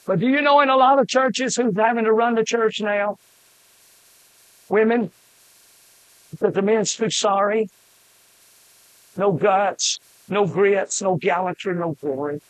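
High-voiced older preacher, emphatic. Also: male voice, measured pace, pauses often, dry recording, low-quality recording. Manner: emphatic, shouting peaks, sharp rhythmic lists. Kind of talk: fiery sermon.

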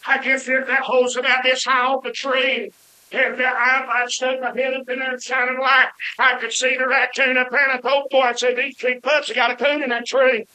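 Preacher, male, high and bright, folksy sermon yarn with sudden hollers. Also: flat delivery, a little fast, poor audio.

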